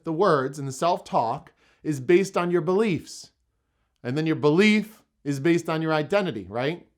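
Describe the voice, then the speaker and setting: A man giving an emphatic motivational self-help talk, repeating phrases for effect. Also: high voice. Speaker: motivational speaker.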